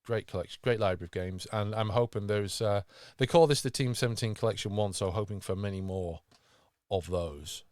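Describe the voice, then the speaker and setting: A man's voice: fairly low pitch, a little fast, a little mellow, no room sound, studio quality. A man hosting a podcast, talking with enthusiasm and rambling through fillers and restarts. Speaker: podcast host. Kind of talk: casual podcast chat.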